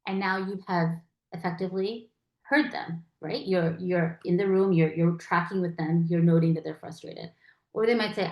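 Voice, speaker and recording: A woman's voice: on the low side, fairly quick, a little mellow, roomy sound. A woman teaching a lecture in a conversational way, acting out quoted phrases as she goes. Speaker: palliative care educator.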